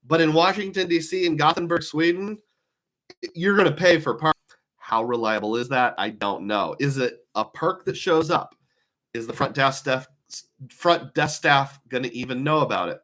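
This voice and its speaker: A man's voice: on the high side, moderate pace, a bit bright. A man giving a casual live talk to viewers on travel rewards, musing aloud and asking many rhetorical questions.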